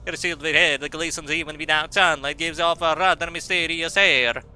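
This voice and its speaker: Young guy streamer reading game text out loud, stumbly and goofy, pretty high voice. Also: fairly even intonation, moderate pace, smooth, faint music behind. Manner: stumbling read-aloud with silly asides.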